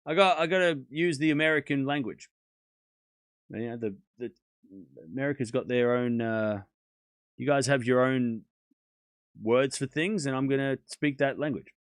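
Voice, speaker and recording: An Australian man hosting a live stream, chatting easily and joking as he answers his viewers. His voice sits at a middle pitch, and the recording is dry and close, with no room sound. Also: normal speed, long pauses, clear, resonant tone, dry recording. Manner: laid-back, joking, chatty, replies to chat aloud. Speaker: livestream tennis watchalong host. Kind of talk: casual live-stream chat reading viewer comments.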